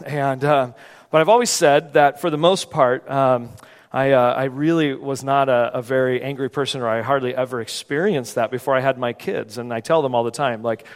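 A man preaching a sermon in a church, telling a personal story in an animated, conversational way. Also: mid-range voice, moderate pace. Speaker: pastor. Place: church sanctuary. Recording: long hall reverb.

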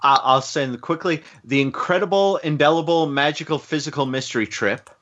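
A man co-hosting a casual chat, halting and repeating words as he starts sentences. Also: a little high, fairly bright tone. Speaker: podcast co-host. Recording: dull lo-fi sound.

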